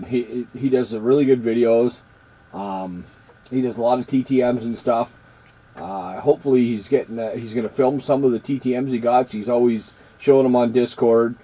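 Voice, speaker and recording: Mellow-voiced man, muffled home recording. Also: medium pitch. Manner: rambling, friendly, lots of fillers. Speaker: co-host of a card collecting channel. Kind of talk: casual chat. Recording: muffled lo-fi with faint hiss.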